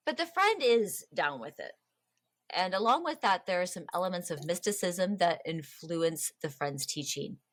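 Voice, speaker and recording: A woman with a low voice hosts a casual history podcast. She tells the story in a chatty, animated way and slips into playful quoted voices. The sound is dry and close. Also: normal speed, dry recording. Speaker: podcast host.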